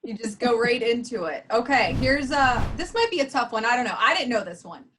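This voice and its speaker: Woman co-host, high-pitched, brisk quiz-style questions. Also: lively intonation, fairly bright tone, slight background noise. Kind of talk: casual interview.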